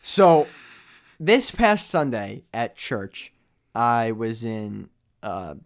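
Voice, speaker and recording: A young man cohosting a podcast, telling jokey stories in casual chat that drop to quiet mumbles and swing back up loud. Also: mid-range voice, drawn-out words, gravelly. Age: young adult. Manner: animated storytelling, jokey, trails into mumbles. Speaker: podcast co-host.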